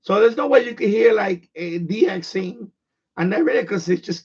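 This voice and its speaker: Over dull, lo-fi stream audio, a man with a high, slightly rough, somewhat mellow voice talks at a moderate pace with lively intonation. He has a New York accent, was born in Puerto Rico and raised in the Bronx, and as a radio hobbyist live streamer he chats bluntly, rambling and repeating things.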